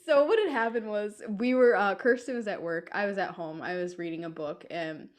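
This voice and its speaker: A woman's voice: medium pitch, moderate pace. A young woman co-hosting a podcast from home, chatting casually and laughing often as she tells stories. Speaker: podcast co-host. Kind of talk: casual chat. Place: home room with a cat.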